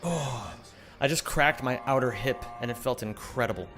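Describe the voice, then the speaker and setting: A man's voice: mid-range voice, normal speed, music in the background. A young man live-streaming a game, joking around casually and greeting viewers by name. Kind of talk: casual live-stream chat while gaming.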